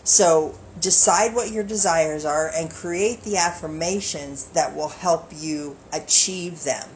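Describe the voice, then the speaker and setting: A woman co-hosting a podcast in casual chat, upbeat and quick to laugh. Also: low voice, a little hiss or hum, poor audio. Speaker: podcast co-host.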